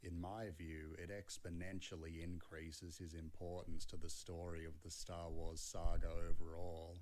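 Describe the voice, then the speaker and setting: A man reading a scripted video essay in a measured, analytical way. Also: sits low, flat delivery, a little mellow. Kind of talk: scripted narration.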